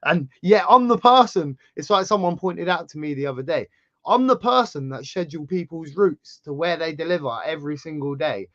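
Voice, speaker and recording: A fairly high-voiced English man hosting a casual chat, telling stories with big swings in pitch and loudness. His throat is sore, and the sound is dry and slightly muffled, with little room reflection. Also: a little fast, dry recording. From England. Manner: chatty storyteller, animated swings in pitch and loudness. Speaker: channel host.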